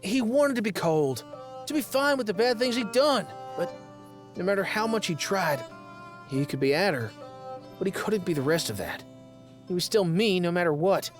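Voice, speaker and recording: A gentle, kindhearted young country man voiced by a woman speaks with a folksy rural drawl in a low, lively voice. Game music plays clearly behind him. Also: moderate pace, lightly acted. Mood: somber.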